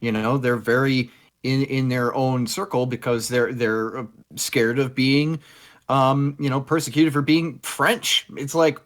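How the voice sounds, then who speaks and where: A man's voice: medium pitch, measured pace. A man from Canada talking casually about gaming, telling stories with playful voices. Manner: animated storyteller who puts on playful voices. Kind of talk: casual chat.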